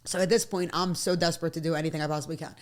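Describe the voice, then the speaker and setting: Chatty Philadelphia woman, animated storyteller. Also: low voice, very fast. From South Philadelphia. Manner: animated storyteller who swears freely and acts out quotes. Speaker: guest. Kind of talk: casual interview chat.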